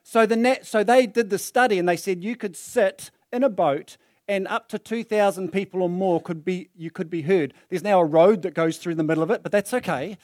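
Delivering a vivid sermon in a church hall, a man talks a little fast with few pauses, his voice sitting high. He brings the story to life with animated voices, speaking into a handheld or stand mic, and the sound is clean, as if from a studio.

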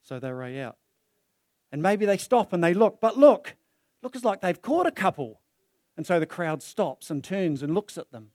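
In a church hall, a man preaches a sermon into a handheld or stand mic, telling the story vividly and acting out characters with different voices. His voice sits high and moves at a moderate pace, and the sound is clean, studio quality.

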